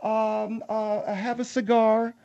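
A man's voice: high voice, little pitch movement, slow pace, creaky, warm tone, dull audio, full character voice. A man playing a pompous blustering general. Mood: lecturing. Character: pompous self-assured male general on a radio show.

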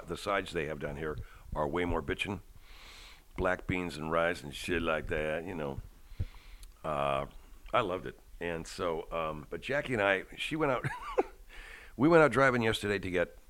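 A man's voice: deep voice, a bit bright. A man hosting a podcast, rambling casually with profane, self-deprecating humor at home. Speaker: podcast host. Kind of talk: casual chat.

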